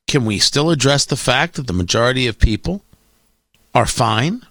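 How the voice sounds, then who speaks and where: Man, talk radio host, sarcastic monologue, lively swooping pitch, dry close sound. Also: a little fast, no room sound. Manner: animated, sarcastic, mocking quoted voices.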